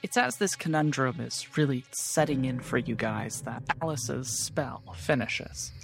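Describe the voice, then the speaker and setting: A man running a tabletop game as game master, narrating scenes in a relaxed way. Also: medium pitch, a little slow, gravelly, over music.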